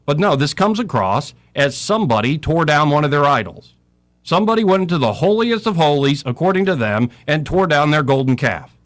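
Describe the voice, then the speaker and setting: A man's voice: a little high, sing-song, a little fast, fairly bright tone. A middle-aged man giving impassioned talk radio commentary, preaching with scripture and swinging his voice up and down. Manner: preacherly, quoting scripture, voice rising and falling.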